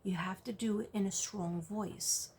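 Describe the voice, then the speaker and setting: A woman giving a psychic reading, soft-spoken and gently reassuring, often dropping to a whisper and checking in with "okay?". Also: medium pitch, fairly even intonation, a little slow, a little hiss or hum. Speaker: psychic reader.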